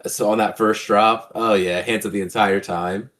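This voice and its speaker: A man co-hosting a podcast in a relaxed, enthusiastic casual chat. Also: on the low side, moderate pace. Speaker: podcast co-host.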